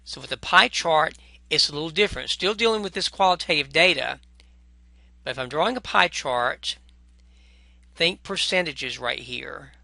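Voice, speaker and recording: A man's voice: on the high side, animated, moderate pace, gravelly, sharp tone, no room sound. A man teaching a recorded math lesson at a whiteboard, chatty and self-correcting, with apologetic asides as he goes.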